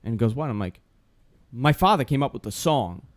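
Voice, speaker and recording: A man's voice: medium pitch, sing-song, brisk, heavy background noise. A young adult man hosting a casual chat show, telling stories animatedly and acting out the dialogue. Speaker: host.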